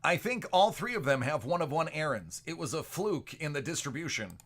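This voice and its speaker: A man with a gravelly, somewhat raised voice and a bright, forceful edge hosts a card break livestream. He keeps up loose, joking banter with the people watching. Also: fairly high pitch, big pitch swings, a little fast. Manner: chatty, joking banter with viewers. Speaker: sports card break host. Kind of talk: casual livestream chat.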